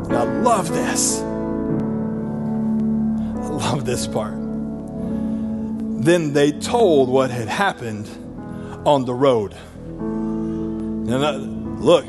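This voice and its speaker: A pastor with a high-pitched male voice preaching with animated energy. He moves from near-shouted bursts to quiet, close passages. Music plays clearly behind him. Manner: animated preaching, swings from loud to low and intimate. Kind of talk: sermon.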